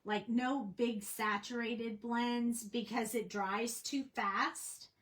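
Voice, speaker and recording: Unhurried chatty woman teaching crafts. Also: a little high, fairly even intonation, a bit bright, rough recording. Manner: chatty and rambling, many fillers. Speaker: craft instructor. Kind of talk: casual livestream coloring tutorial.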